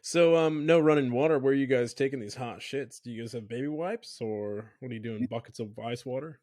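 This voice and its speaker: A man hosting a casual podcast chat, easygoing and quick to laugh. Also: mid-range voice, mellow, no echo, studio quality. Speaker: podcast host.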